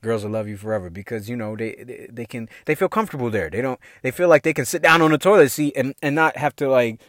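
An adult father with a mid-range, fairly bright voice and lively intonation talks fast, telling a funny personal story in a casual comedic monologue. His delivery is slangy and heavily profane, with frequent laughter. The studio sound is clean, with no echo.

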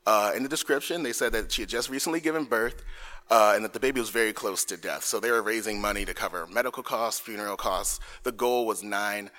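A man co-hosting a true crime podcast, recounting a case in casual chat, halting, with many fillers and jokey asides. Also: lowish voice, bright, forceful tone. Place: in front of a live audience.

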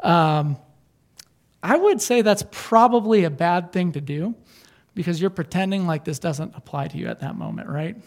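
High-voiced male pastor preaching earnestly. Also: lively intonation, normal speed. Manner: earnest, conversational, with repeated phrases and restarts. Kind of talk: sermon.

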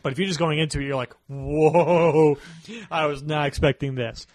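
A young man hosts a casual movie chat, rambling and animated as he acts out scenes. His voice sits a little high and sounds close and dry, with no room around it. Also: very fast, no room sound. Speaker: host.

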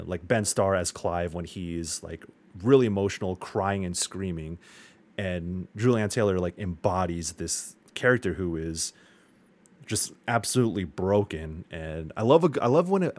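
A man chatting casually on a podcast, enthusiastic and rambling, with casual swearing and many fillers. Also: low-pitched. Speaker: podcast co-host.

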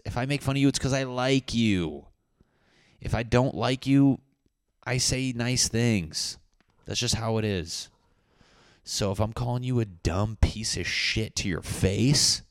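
A man's voice: fairly low pitch, no echo, studio quality. A man talking casually to camera as a comedian, in a profane, teasing, mock-insulting rant. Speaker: comedian vlogger.

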